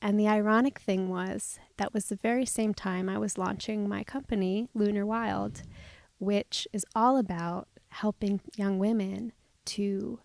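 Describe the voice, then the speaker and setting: A woman hosting a podcast who tells a personal story openly and reflectively. Her delivery moves between soft, hushed passages and emphatic ones. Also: mid-range voice, little pitch movement, measured pace, no echo.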